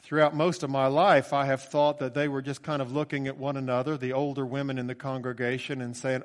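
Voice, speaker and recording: A man's voice: mid-range voice, flat delivery, fairly quick, few pauses, long reverb tail. A man preaching a sermon in an earnest, reflective way, reading scripture aloud and explaining it.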